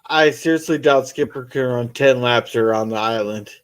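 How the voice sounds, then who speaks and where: A man's voice: medium pitch, normal speed, clean tone. A man chatting as a panelist, asking questions and pointing things out. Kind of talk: casual chat.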